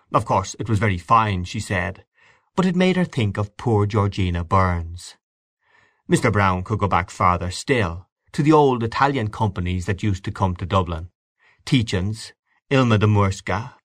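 A male narrator reads a classic story in a measured, expressive way. His voice sits low but moves freely in pitch. The recording is close and dry. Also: dry recording. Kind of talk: audiobook reading.

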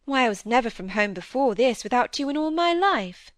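A woman reading the part of a curious, lively teenage girl who coaxes and pleads with her father. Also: on the high side, fairly quick, no room sound, clean studio sound, lightly acted. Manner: coaxing, pleading, inquisitive. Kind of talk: audiobook dialogue reading.

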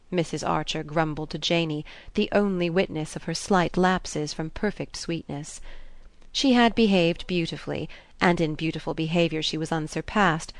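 A woman narrating a classic novel, her voice low and steady. The reading is measured and even, recorded dry and close with no room around it. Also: no echo. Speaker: audiobook narrator.

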